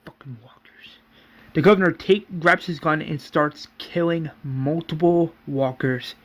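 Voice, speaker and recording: A man's voice: on the high side, measured pace, fairly bright tone, a little hiss or hum. A man casually narrating his own fan story, loose and full of fillers like "you know". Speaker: fan series writer and narrator.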